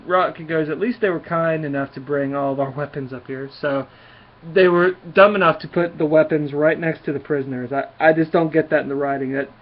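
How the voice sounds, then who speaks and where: A man giving a casual comic book review, enthusiastic and rambling with frequent restarts. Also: on the high side. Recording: dull lo-fi recording.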